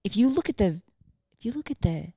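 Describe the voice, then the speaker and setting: A middle-aged woman who is a guest on a podcast, talking in casual chat. Her manner is frank and relaxed as she muses on a point. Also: mid-range voice, brisk, breathy edge, no echo, clean studio sound.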